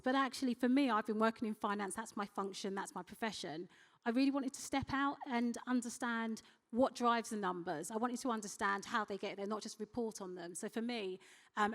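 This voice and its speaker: A woman speaks as a company executive on a conference panel, telling a personal story with real animation. She acts out quoted voices as she goes, and her voice sits at a middle pitch.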